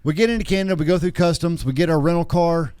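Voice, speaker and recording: A man's voice: on the high side, fast talker, darkish tone, clean tone. Rambling man telling hunting stories. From Texas. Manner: rambling, crude, joking storyteller. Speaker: podcast host. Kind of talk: casual chat.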